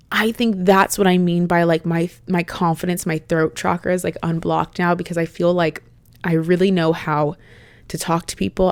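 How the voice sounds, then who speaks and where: A young woman with a slightly low voice hosts her podcast in a relaxed solo chat. She speaks candidly and from the heart, chatty and open. The sound is close and dry, with no room around it. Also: clean tone, no echo. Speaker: podcast host.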